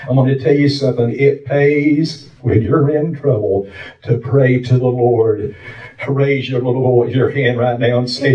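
A man's voice: mid-range voice, fairly even intonation, unhurried. A man preaching a fervent sermon, telling a story in plain, colloquial rural speech. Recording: dull, roomy sound from far off.

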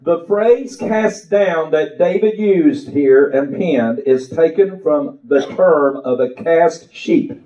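A man's voice: fairly high pitch, animated, slow pace, warm tone, reverberant, recorded from a distance, highs cut off. A man preaching an impassioned sermon to a church congregation, exclaiming and telling a story. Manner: impassioned, exclaiming, rising and falling.

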